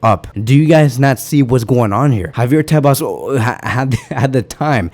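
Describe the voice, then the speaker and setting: A man ranting heatedly as a football fan, his voice slightly rough from screaming the day before. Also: mid-range voice, expressive, normal speed, darkish tone. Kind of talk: ranting fan vlog commentary.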